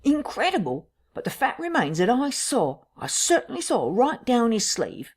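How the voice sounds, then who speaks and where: A woman's voice: fairly high pitch, wildly swooping pitch, normal speed, darkish tone, voice pushed up. A woman voicing a nervous, fussy male village doctor in an audiobook. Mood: fretful.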